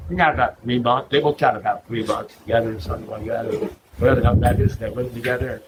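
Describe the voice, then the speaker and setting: A man telling a funny story at a recovery meeting, chatty and loose, forever checking in with his listeners. His pitch sits in a middle range, and he hops up higher whenever he acts out someone else's words. The live recording carries a clear wash of noise behind his voice. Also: steady tone, fast talker. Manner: chatty, keeps asking "you know what I mean?"; acts out others' lines in a raised voice. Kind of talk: humorous storytelling talk to a live audience.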